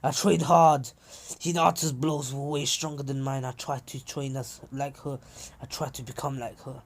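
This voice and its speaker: A young man voicing a proud, stubborn young male ninja, speaking quietly while retelling a story. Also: medium pitch, little pitch movement, normal speed, natural voice. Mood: subdued.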